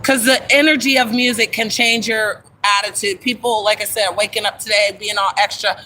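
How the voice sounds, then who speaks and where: A woman hosting a casual livestream from her phone, chatting in an animated way and greeting viewers by name. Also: medium pitch, moderate pace, hardly any pauses, poor audio. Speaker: livestream host.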